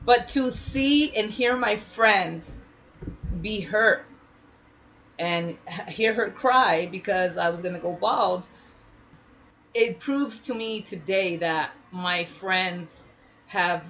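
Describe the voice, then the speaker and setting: A woman's voice: mid-range voice, slow, fairly bright tone, low-quality recording. A woman co-hosting a casual chat, telling her own story with feeling and animation. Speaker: podcast co-host.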